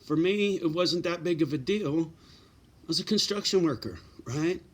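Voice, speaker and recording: A man's voice: on the high side, moderate pace. Blunt profane middle-aged man. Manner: blunt, profane, with frequent "right?" and "you know". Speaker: vlogger giving advice. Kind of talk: casual straight-talking monologue.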